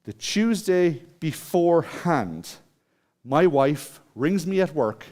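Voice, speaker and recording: A man's voice: on the high side, expressive, slow, a little mellow. A man with an Irish accent giving a conversational conference talk, asking the audience questions and telling a personal story. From Ireland. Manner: conversational, asks the audience questions, many restarts. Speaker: conference speaker. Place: conference hall.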